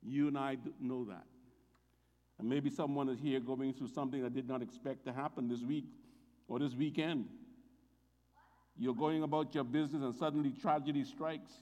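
A man's voice: mid-range voice, fairly even intonation, moderate pace, long pauses, warm tone, big-room sound, lo-fi sound. A man preaching a sermon as pastor, reading scripture aloud with emphatic rises on the quoted lines.

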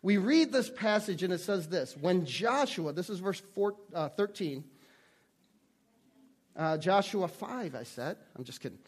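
A man's voice: high voice, expressive, husky. A man preaching a sermon as pastor, earnest and conversational, often restarting his sentences. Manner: earnest, halting with frequent restarts.

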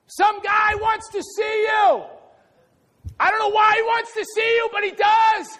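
A man voicing a gruff father who hollers across the yard for his youngest son. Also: extremely high pitch, flat delivery, unhurried, sharp tone, raised voice, a faint crowd, voice pushed up, heavily acted. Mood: impatient.

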